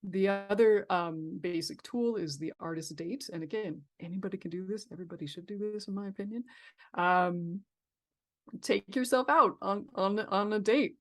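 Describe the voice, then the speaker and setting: A woman's voice: medium pitch, moderate pace. A woman guest on a podcast, talking casually and reflectively about creativity, with frequent fillers and restarts. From San Diego, California. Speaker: therapist guest.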